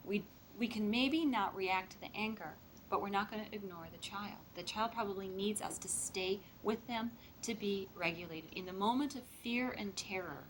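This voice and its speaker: A middle-aged woman lectures foster parents in a lively way, slipping into the voices of the people she quotes. Her voice sits at an ordinary middle pitch. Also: moderate pace, slight background noise. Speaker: speaker training foster parents.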